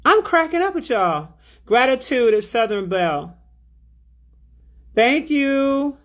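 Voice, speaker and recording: A woman's voice: sits high, very animated, takes it slowly. A woman hosting a spiritual livestream, reading out chat and donations in a drawling, affectionate way, calling viewers baby and beloved.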